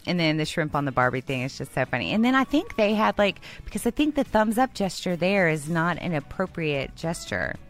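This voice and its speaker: Animated chatty woman co-host. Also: lowish voice, fairly quick, hardly any pauses, faint music behind. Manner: chatty, laughs often, rambling storyteller. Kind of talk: casual chat.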